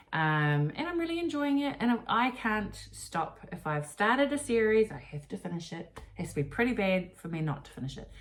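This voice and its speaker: Chatty low-voiced New Zealand woman. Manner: chatty, self-correcting, laughs easily. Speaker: podcast co-host. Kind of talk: casual chat.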